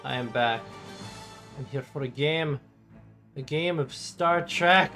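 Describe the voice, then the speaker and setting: A man streaming a retro strategy game from home, talking casually to chat, excitable, swearing often and stumbling over words. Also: medium pitch, a little slow, faint music behind.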